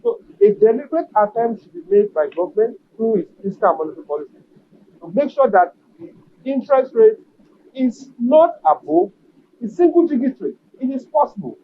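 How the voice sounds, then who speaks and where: A man with a notably high voice sets out his case in a measured, emphatic way, leaning on repeated phrases. The broadcast audio sounds muffled and lo-fi, with a faint hiss underneath. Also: expressive. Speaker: business association leader. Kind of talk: policy interview answer.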